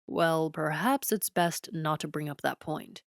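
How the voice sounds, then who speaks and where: Woman doing a calm, formal young prince. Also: low-pitched, gravelly, dry recording, clean studio sound, pitched below the performer's own voice. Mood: composed. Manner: measured and formal. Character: polite, composed young male prince.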